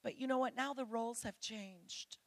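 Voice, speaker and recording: A woman's voice: a little high, normal speed, dry recording. A middle-aged woman preaching a sermon to women, earnest and pleading as she speaks straight to her listeners.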